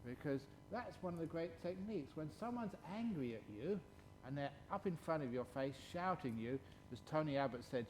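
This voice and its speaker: Playful monk giving a dharma talk. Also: male voice, on the high side, animated, a little mellow, slight background noise. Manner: playful, chuckling, drawls words slowly for emphasis. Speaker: Buddhist monk teaching a retreat. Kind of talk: dharma talk with questions and answers.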